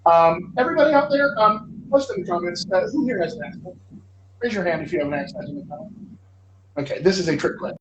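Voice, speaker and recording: A man's voice: high voice, expressive, fast talker. A man hosting a live Q&A as a dialect coach, giving chatty, enthusiastic advice with jokes, heard over a livestream microphone. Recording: roomy, distant, dull lo-fi audio with faint noise.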